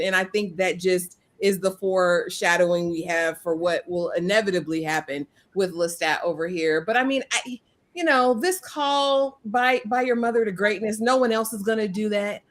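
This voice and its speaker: A woman's voice: mid-range voice, normal speed. A woman co-hosting a casual episode recap with wry, conversational commentary. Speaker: podcast co-host.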